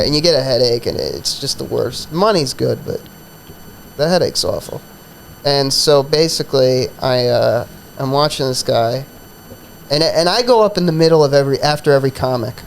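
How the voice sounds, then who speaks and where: A man's voice: fairly high pitch, a little hiss or hum, low-quality recording. A man who hosts a comedy podcast, telling a profane, rambling story in a casual chat full of fillers.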